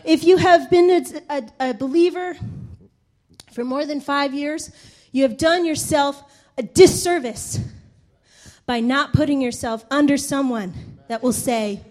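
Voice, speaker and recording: A woman with a very high, bright voice delivers a sermon through a personal story. She laughs easily and slips into the voices of the people she describes. Her delivery is lively and conversational. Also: measured pace. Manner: animated, laughing, acts out the people in her stories. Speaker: preacher.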